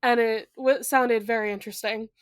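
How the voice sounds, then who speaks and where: A woman's voice: on the high side, steady tone, normal speed, no room sound, clean studio sound. A young woman co-hosting a podcast, chatting casually about a book with playful asides and frequent laughter. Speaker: podcast co-host. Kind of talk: casual book-discussion chat.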